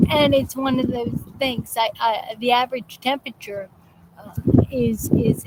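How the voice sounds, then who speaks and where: A slow, meandering woman's voice with a slightly high pitch, chatting to a live audience in a halting way with lots of restarts. She is recorded outdoors with heavy background noise and passing vehicles. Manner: rambling, halting, many restarts and fillers. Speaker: host of a live viewer chat show. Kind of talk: casual live-stream chat.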